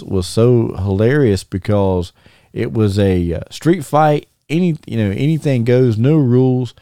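A man's voice: lowish voice, dry recording, studio quality. A man casually telling old wrestling stories, laughing often and restarting his sentences. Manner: animated, laughing, many restarts and fillers. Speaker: former wrestler, podcast guest. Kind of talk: casual storytelling chat.

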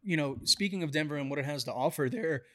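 A man from New York co-hosting a casual podcast chat, upbeat and quick to agree. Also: a little high. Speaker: podcast co-host.

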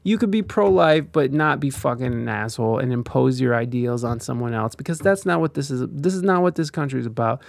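A man's voice: mid-range voice, brisk, vocal fry, few pauses, no room sound. A man ranting in casual commentary, profane and heated, rambling with many restarts.

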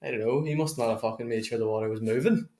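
Young man, co-host, mid-pitched, blunt and sweary, echoey. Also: fast, warm tone. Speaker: podcast co-host. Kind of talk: casual chat.

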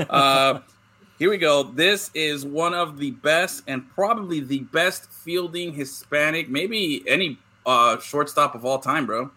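A man with a bright, forward voice that sits a little high chats casually on a podcast. He hosts the talk and tells his stories with lively energy, calling his friends "bro". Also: slow pace. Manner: animated storyteller, says "bro". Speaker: podcast host. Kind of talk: casual chat opening baseball cards.

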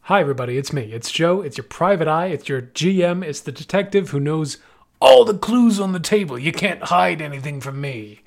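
A man's voice: on the high side, brisk, creaky, few pauses. A man running an improvised tabletop game as game master, narrating with playful energy.

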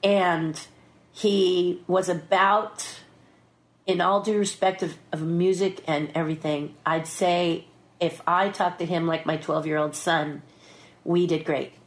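A middle-aged woman telling an animated story as a guest, jumping into quick voices for the people in it. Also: on the low side. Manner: lively storyteller who puts on voices for the people in her story. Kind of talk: animated anecdote.

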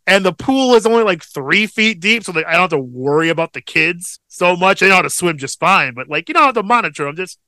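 Talking fairly quickly with barely a pause, a high-voiced man in his thirties co-hosts a podcast with no echo. He shares a family story in easygoing chat, animated and swearing constantly.

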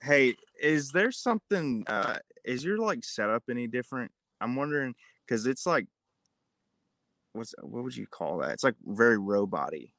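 A man's voice: mid-range voice, very animated, normal speed, fairly bright tone, no room sound. A male podcast co-host in a casual sports chat, hedging and thinking aloud.

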